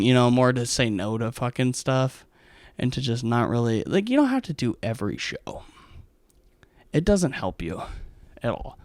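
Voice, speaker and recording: A man's voice: medium pitch, no room sound. A man, a stand-up comic, telling stories in a casual, rambling monologue full of swearing and fillers. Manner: rambling, profane, heavy with fillers.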